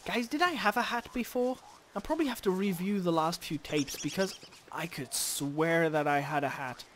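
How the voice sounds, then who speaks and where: A man commenting on his game as he plays, chatting casually, cursing at creatures and bursting into loud shouts. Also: sits high, normal speed, slight background noise. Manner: animated, swears at game creatures, sudden loud outbursts. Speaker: let's play host.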